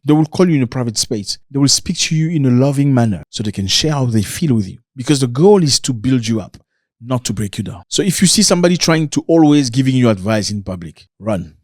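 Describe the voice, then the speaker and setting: A man delivering a motivational talk with emphatic, repeated phrasing. His voice sits at a middle pitch and is recorded close and dry with no room echo. He sometimes mimics other people in a mocking higher voice. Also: lively intonation, a little fast, a little mellow. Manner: emphatic, repeats lines for stress, slips into mocking high voices to quote people. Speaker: motivational speaker.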